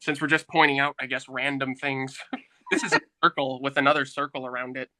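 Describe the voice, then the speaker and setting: Male, mid pitch, quick and sarcastic. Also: fairly even intonation, sharp tone.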